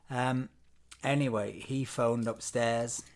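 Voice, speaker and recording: A man's voice: mid-range voice, fairly even intonation, slow. A British man vlogging, telling a travel story casually with frequent ums and wry self-deprecating asides. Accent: British English. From Britain.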